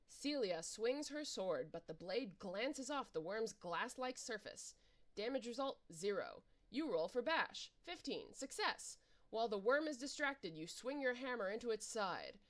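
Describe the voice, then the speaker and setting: A woman's voice: fairly high pitch, unhurried. Playful woman narrating a webcomic aloud. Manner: animated, playful, reacting with laughs. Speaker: reader and narrator. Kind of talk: playing through a webcomic aloud, informal.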